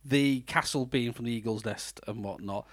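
In a casual film review chat, a chatty British podcast host laughs frequently and drops into mock voices. His mid-range voice keeps a moderate pace, captured in clean studio sound with no echo.

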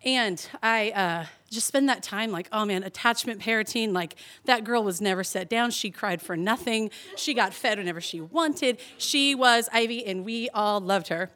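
A young woman telling a personal story to a live audience, chatty and animated, laughing and peppering her talk with "like". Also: medium pitch, normal speed, few pauses.

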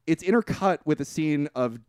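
A man's voice: on the high side, lively intonation, normal speed, clean tone, no echo, clean studio sound. A man co-hosting a podcast, retelling a film's plot in casual chat, swearing freely and restarting his sentences. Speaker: podcast co-host. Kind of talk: casual movie recap chat.

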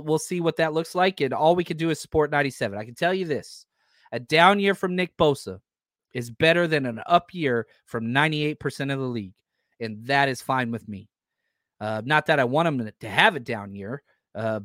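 A man's voice: mid-range voice, normal speed, fairly bright tone, no echo, studio quality. A man hosting a live sports fan podcast, talking with enthusiasm and gratitude and reading listener comments aloud. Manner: enthusiastic, grateful, reads chat comments aloud. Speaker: podcast host.

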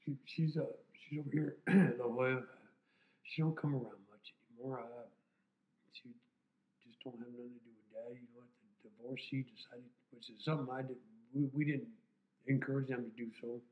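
A blunt man in his fifties, talking openly and at length with plenty of swearing. He has a medium-pitched voice. The sound is thin and phone-like, with a roomy echo around it. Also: steady tone, brisk. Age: 50s. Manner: blunt, profane, rambling. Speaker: podcast guest. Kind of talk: candid personal conversation. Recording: tinny phone-like sound in an echoey room.

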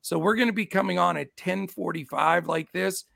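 A middle-aged man hosts a casual sports betting show, upbeat as he greets his chat and shouts out their names. His high-pitched, gravelly, scratchy voice comes at normal speed in clean studio sound with no echo.

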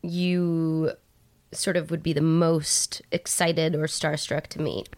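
A woman's voice: sits low, flat delivery, takes it slowly, a little mellow, dry recording. A woman guest on a podcast, chatting casually and teasing the host with questions. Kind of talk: casual chat.

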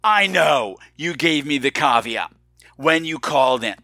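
A man hosts his own podcast in a theatrical, teasing monologue, his voice lively and swooping. It rings bright and forward. The recording is dry and close, with no room sound. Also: on the high side, unhurried, no room sound. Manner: animated and theatrical, mock-menacing. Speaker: podcast host.

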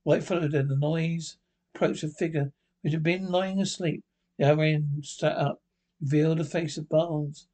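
Man reading a ghost story haltingly. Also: fairly high pitch, steady tone, warm tone. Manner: halting reading with misreads and restarts. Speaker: narrator.

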